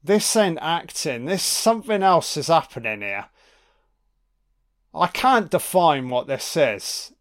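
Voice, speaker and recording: A man giving a casual watch-along film commentary, full of excitable, profane reactions. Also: a little high, takes it slowly.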